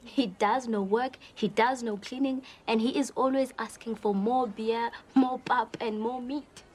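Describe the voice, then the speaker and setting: A woman's voice: a little high, fairly even intonation, a little slow, a little mellow. A woman playing an earnest, polite young woman client telling her family story. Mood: troubled.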